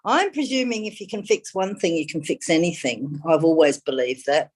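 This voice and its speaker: A woman's voice: sits low, moderate pace, slightly rough. A woman on a call, asking polite, careful questions. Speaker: caller. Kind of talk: casual phone consultation.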